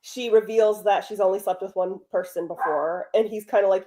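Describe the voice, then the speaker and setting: Woman, casual chat about writing, hesitant, halting phrasing, mid pitch. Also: fairly even intonation, mellow. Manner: hesitant, halting, many restarts. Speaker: writer sharing her work.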